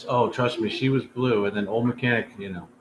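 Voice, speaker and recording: A man's voice: mid-range voice, fairly even intonation, brisk. A man hosting a casual livestream, talking in a rambling, chatty way straight to his viewers. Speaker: livestream host. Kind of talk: casual chat. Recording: noisy room ambience.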